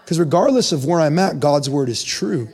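A man's voice: expressive, normal speed, creaky, a little mellow, breathy edge. Young male preacher in a reverberant hall. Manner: conversational preaching, rising pitch for emphasis. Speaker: pastor. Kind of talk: sermon.

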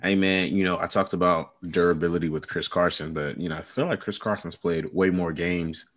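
A man's voice: sits low, steady tone, a little fast, fairly bright tone. A man co-hosting a casual podcast chat, easygoing and a bit hesitant, with many fillers. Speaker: podcast co-host. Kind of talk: casual fantasy football chat.

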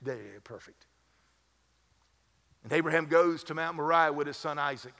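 A man's voice: on the high side, moderate pace, gravelly, a bit bright. A man serving as lead pastor, preaching a sermon in a conversational way with humorous asides. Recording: long hall reverb.

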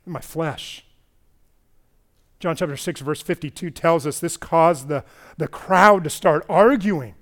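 A man preaching a sermon as pastor at a church service, swinging between loud emphatic stretches and quiet low passages. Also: takes it slowly.

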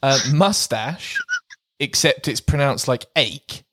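A man co-hosting a podcast, chatting casually and laughing often as he slowly plays with the sounds of words. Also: mid-range voice, expressive, a bit bright, a little hiss or hum. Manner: playful, laughs often, reads out word jokes slowly. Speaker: podcast co-host. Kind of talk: casual chat.

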